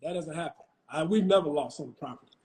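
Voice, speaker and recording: A man's voice: fairly high pitch, fast, darkish tone, poor audio. A man talking as a real estate investor guest in a casual live-stream chat, emphatic and slangy, repeating his phrases. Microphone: phone on a live stream.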